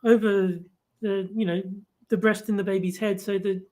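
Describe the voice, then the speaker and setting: A man's voice: high voice, little pitch movement, moderate pace, mellow. Stammering Australian man. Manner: stammering, wry. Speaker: podcast co-host. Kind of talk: casual chat.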